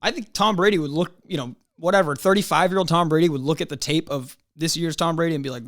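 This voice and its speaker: A man's voice: a little high, fast talker, few pauses, fairly bright tone, no echo, studio quality. Profane, heated young man ranting. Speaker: podcast host. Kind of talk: angry solo podcast rant.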